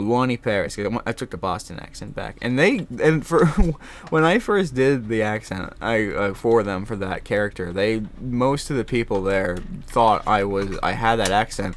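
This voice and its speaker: A young man chatting casually in his room, rambling with many restarts and swearing. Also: fairly low pitch. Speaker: vlogger. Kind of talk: casual chat.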